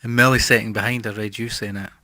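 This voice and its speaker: A man chatting casually as a music streamer, reading out viewer comments and trailing off quietly. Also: fairly low pitch, little pitch movement, quick pace, dry recording.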